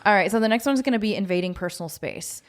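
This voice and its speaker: A woman's voice: mid-range voice, fast. A woman in her thirties co-hosting a podcast, speaking candidly and frankly in casual chat. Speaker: podcast co-host. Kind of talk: casual conversation.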